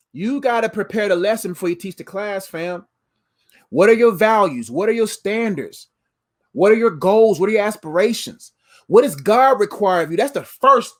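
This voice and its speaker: Animated slangy male life coach. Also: sits high. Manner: animated and playful, slangy asides. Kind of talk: motivational faith talk.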